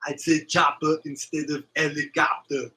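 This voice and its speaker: A man's voice: fairly high pitch, little pitch movement, pushed and bright, a little hiss or hum, low-quality recording. A man doing an action-star muscleman. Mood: mock-serious. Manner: slow, emphatic, repetitive pronouncements. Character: older male action-movie muscleman with a thick accent. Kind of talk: comic impression on a livestream.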